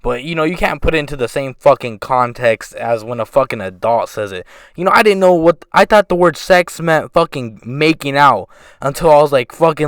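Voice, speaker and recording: A man's voice: fairly high pitch, clean tone, no echo. Profane rambling young man telling a story. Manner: profane, rambling, animated retelling. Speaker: storytime vlogger. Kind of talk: casual storytime.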